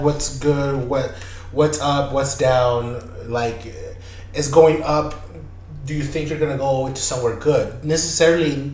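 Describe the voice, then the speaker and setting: Male podcast host, casual profane storyteller, echoey room with faint hiss. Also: mid-range voice. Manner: loose, profane, repeats himself.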